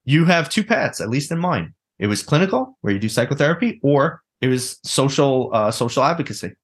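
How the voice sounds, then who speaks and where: Blunt, animated man with a husky voice. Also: medium pitch, brisk. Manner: blunt, animated, swears freely. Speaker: guest, therapist and mindset coach. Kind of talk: casual interview chat.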